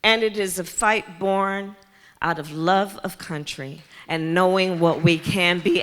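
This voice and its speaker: A woman's voice: lowish voice, fairly even intonation, a little slow. A woman political candidate giving a campaign speech, rhetorical and repeating key phrases. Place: large community center hall before a crowd. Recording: reverberant hall with faint crowd.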